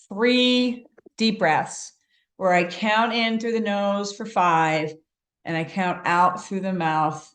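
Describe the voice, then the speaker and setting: A woman's voice: fairly low pitch, roomy sound. A woman in her fifties coaching a group in an earnest, conversational way, often checking in with "right?". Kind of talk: coaching call talk.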